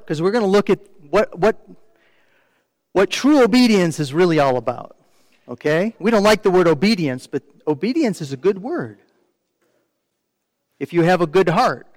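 Man, sermon, high voice, conversational preaching, rhetorical questions to the congregation, long hall reverb. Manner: mimics complainers in quoted asides. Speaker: pastor.

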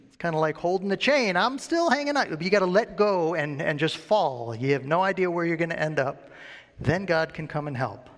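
A man's voice: on the high side, animated, moderate pace. A man preaching a sermon built on his own testimony, earnestly putting questions to his listeners and acting out his past thoughts. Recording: long hall reverb.

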